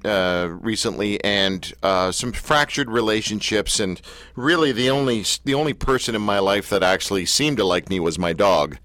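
A man hosting a radio talk show, chatting casually and telling self-deprecating stories with animated delivery. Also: medium pitch, dry recording.

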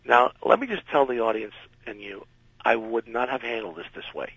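A man telling an anecdote as a radio interview guest, animated and acting out the people in his story. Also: mid-range voice, a little fast, vocal fry, slightly rough, no echo. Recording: dull lo-fi radio recording.

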